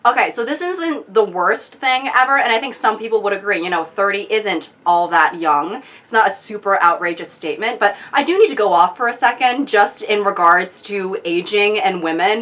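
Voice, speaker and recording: A young adult woman hosting a comedic commentary video, sarcastic, animated and exasperated. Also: mid-range voice. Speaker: video host.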